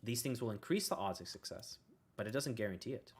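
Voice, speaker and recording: A man's voice: lowish voice, expressive, fast talker, slightly rough. A man giving a casual motivational talk as a self-help video host, rambling and checking in with "right?" after nearly every point, with a laid-back manner and now and then a "bro" or a curse. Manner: rambling, keeps asking "right?".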